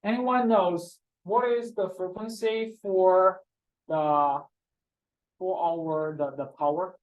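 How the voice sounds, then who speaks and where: This mid-range, steady-toned voice belongs to a chemistry lecturer in a recorded class who talks slowly, leans on repetition of key terms, and often asks "okay?" His grammar is non-native, and the recording sounds muffled.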